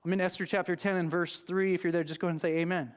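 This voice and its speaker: A man's voice: high voice, level tone, rapid-fire, clear, resonant tone. A man preaching in a church, retelling a scripture story in a conversational, dramatic way. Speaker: pastor. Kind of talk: sermon. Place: church sanctuary.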